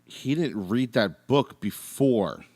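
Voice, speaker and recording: A man's voice: medium pitch, slow pace. A man co-hosting a podcast in casual chat, telling stories emphatically with plenty of swearing. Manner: animated, profane, emphatic storytelling. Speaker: podcast co-host.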